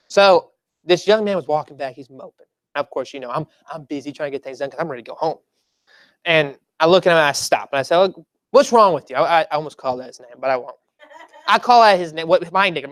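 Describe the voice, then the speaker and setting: Preacher, sermon, chatty storytelling, repeats key phrases, mid pitch, dry sound. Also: no echo. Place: church service.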